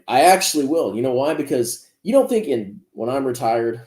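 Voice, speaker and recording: Sarcastic, animated man in his thirties. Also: mid-range voice, normal speed. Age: 30s. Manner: sarcastic, mocking, laughs often. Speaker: finance YouTuber. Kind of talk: reaction commentary.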